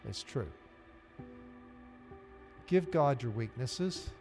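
A Southern-accented Arkansas pastor draws out his words, his mid-range, darkish voice rising and falling with lively intonation. He preaches earnestly and directly to his congregation. The sanctuary adds long hall reverb, and faint music can be heard.

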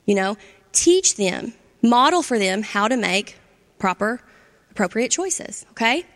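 A woman with a fairly high voice gives an instructional talk on parenting to adults. She talks conversationally and often checks in with her listeners. The sound carries a long reverb, like a big hall. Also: big pitch swings, unhurried, a bit bright. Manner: conversational, checks in with "right?" and "okay?".

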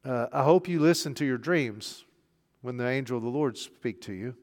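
A man preaching a sermon as pastor at a church service, impassioned, building to fervent, near-shouted peaks. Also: mid-range voice, lively intonation, normal speed, long reverb tail. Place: church sanctuary during a service.

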